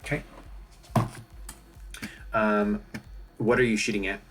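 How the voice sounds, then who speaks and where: A man's voice: lowish voice, little pitch movement, slow. A man narrating as game master of a tabletop game, in a casual manner with fillers and laughs. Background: music.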